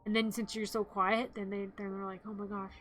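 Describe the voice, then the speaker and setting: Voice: medium pitch, flat delivery, brisk, fairly bright tone, soft background music. A streamer chatting casually on a live stream, in a playful, giggly way, acting out zombie growls and screams.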